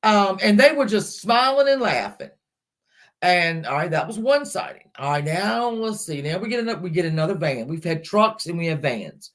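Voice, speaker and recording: A woman's voice: lowish voice, lively intonation, moderate pace. A woman hosting a true-crime livestream, retelling a case in a chatty way and breaking off to greet people in the chat. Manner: chatty, talks back to chat comments mid-story. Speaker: livestream host. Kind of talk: casual true-crime storytelling to a live chat.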